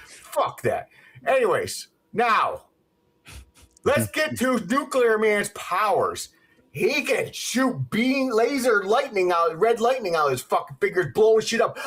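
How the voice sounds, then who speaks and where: Husky man on a profane movie rant. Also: high-pitched, unhurried. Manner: profane, heated, animated. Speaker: podcast host. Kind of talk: ranting movie review.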